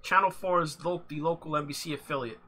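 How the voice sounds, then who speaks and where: A livestream host giving casual live commentary on video clips, halting and full of fillers. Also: mid-range voice, steady tone, bright, forceful tone, slight background noise. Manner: halting, with many fillers and restarts.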